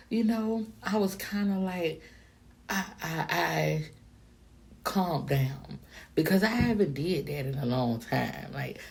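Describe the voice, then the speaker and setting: Very deep, gravelly-voiced woman telling a story. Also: takes it slowly. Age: adult, past her younger days. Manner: candid, profane, animated storytelling. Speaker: vlogger. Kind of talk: casual storytime monologue.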